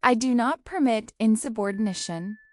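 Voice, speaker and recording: A woman's voice: on the high side, moderate pace, lightly acted. A woman voicing a pompous male king who gives everyone orders in a stately, commanding manner, yet remains kindly.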